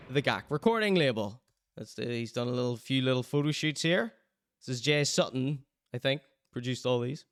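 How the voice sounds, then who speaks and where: A man's voice: medium pitch, moderate pace, clear, resonant tone, no echo, studio quality. A man hosting his own online show, plugging t-shirts in a joking, rambling, self-mocking way. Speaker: show host.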